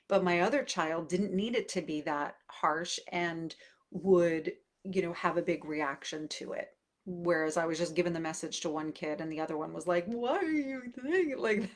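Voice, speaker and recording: Soft-pitched woman giving parenting advice. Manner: thoughtful, conversational, with many fillers and restarts. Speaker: parenting coach. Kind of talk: casual advice talk answering viewer questions.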